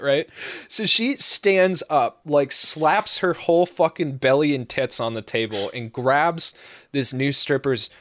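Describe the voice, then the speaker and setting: A man's voice: mid-range voice, measured pace, fairly bright tone, no room sound, clean studio sound. A young man tells a rambling, profane anecdote in casual podcast talk, full of fillers and "right?" tags, and he keeps breaking into laughter. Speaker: storyteller.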